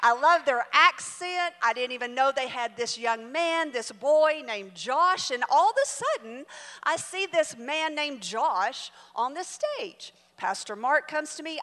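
Animated woman preacher in a reverberant hall. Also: sits high, a little slow. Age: 40s. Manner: animated, swinging from soft asides to loud exclamations. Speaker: guest preacher. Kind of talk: sermon with storytelling. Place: church auditorium.

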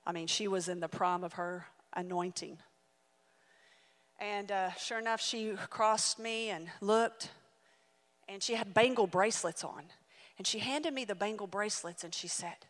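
A woman in her forties preaching a sermon and telling a story, swinging dramatically between loud and hushed delivery. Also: on the high side, moderate pace. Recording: reverberant hall.

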